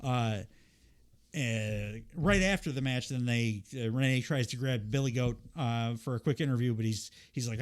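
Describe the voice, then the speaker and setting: A man's voice: medium pitch, moderate pace. A man hosts a podcast while fighting a cold. He recaps wrestling matches in a loose, rambling way, full of fillers and casual swearing. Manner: rambling, profane, lots of fillers and quoted impressions. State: has a cold. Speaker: podcast host.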